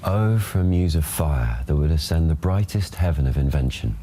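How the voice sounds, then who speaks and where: A man reciting as a booming stage chorus. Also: expressive, warm tone, husky, full character voice. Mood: declaiming. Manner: measured, declamatory. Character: male stage chorus declaiming a verse prologue. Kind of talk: classical verse recitation.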